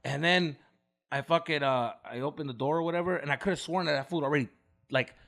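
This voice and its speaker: High-pitched, fast-talking young man. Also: creaky. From United States. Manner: animated, profane slang-heavy storytelling, acts out quotes. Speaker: podcast co-host. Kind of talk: casual storytelling chat.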